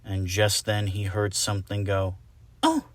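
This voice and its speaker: Slow, low-voiced man reading a story. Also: level tone, dry recording. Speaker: audiobook reader. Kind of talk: storybook narration.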